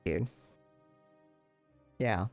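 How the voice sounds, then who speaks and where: Speaking very slowly, a young streamer rambles and swears while casually chatting with his viewers. His desk mic runs through a compressor, the sound has no echo, and faint music plays behind him.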